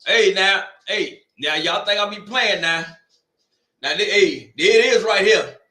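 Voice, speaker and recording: A man hosts a football watch party from home. His high, bright voice bounces around a roomy space as he jokes loudly in slangy banter. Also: measured pace. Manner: loud, joking, slangy banter. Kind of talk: casual chat. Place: home room. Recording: echoey room.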